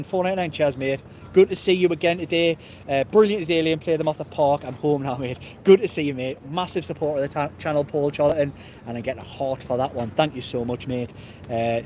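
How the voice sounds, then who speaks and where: A man's voice: on the high side, darkish tone, slight background noise. Chatty Geordie man streaming outside. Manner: chatty, jokey, laughs often, reads out viewer comments. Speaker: football channel host reading live comments. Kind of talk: casual live-stream chat.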